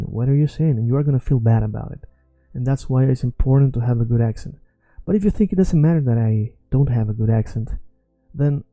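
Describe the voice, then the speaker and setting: A man's voice: medium pitch, mellow, no echo, rough recording. A man teaching an online language lesson, talking casually and often checking in with "okay?" and "right?".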